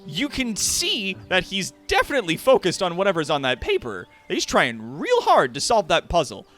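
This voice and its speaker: A man narrating a tabletop game as game master, animated and laughing often. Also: high-pitched, normal speed, faint music behind.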